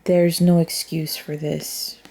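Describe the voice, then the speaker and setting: A woman's voice: low-pitched, level tone, slow pace, vocal fry, dark tone, husky. A woman giving a casual tarot reading, thinking aloud in a rambling way and speaking bluntly, with free swearing. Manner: frank, blunt, swears freely. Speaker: tarot reader.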